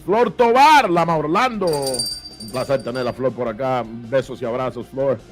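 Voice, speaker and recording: Energetic man hosting a livestream. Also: mid-range voice, moderate pace, faint music behind. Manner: lively, shout-outs to viewers, mixes in Spanish phrases. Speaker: show host. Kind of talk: casual livestream chat.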